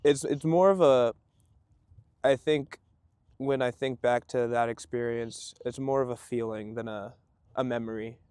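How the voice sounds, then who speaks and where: A man hosting a podcast, reacting with enthusiastic exclamations and asking questions in a relaxed, conversational way. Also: mid-range voice, measured pace, clean tone, no room sound. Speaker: podcast host. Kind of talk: casual conversational interviewing.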